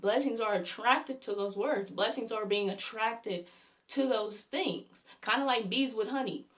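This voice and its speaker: A woman with a somewhat high voice talks through a devotional message as a faith vlogger. She is earnest and rambling, repeats her points, and keeps breaking in with praise phrases. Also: a little slow, a bit bright. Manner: repeats "glory be unto the Lord" often. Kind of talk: spoken devotional talk.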